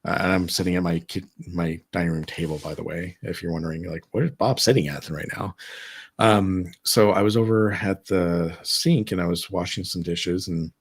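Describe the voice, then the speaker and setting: A man sits at his dining table and tells his ghost stories in a relaxed, rambling way. His voice sits low and has a husky edge. He keeps circling back with fillers and restarts. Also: normal speed. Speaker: guest telling personal ghost stories. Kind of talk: casual storytelling chat. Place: his own home, seated at dining table.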